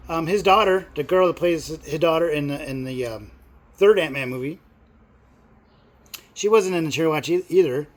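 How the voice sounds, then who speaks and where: A middle-aged man vlogging in a casual, rambling way, full of fillers and sudden excited outbursts. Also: on the high side, normal speed, long pauses. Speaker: movie vlogger. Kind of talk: casual chat.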